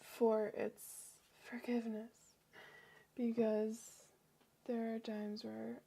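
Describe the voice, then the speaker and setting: A young woman chatting casually on a livestream as she paints, self-deprecating and often dropping into soft near-whispers. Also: on the high side, monotone, slow pace, gravelly, slightly rough. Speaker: art livestreamer.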